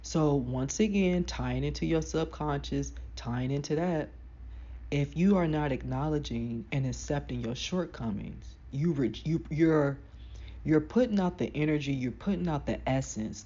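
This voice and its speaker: A woman with a deep voice giving casual, frank motivational advice to camera. She talks emphatically, in slang. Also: moderate pace, mellow, breathy edge, lo-fi sound. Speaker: self-help vlogger.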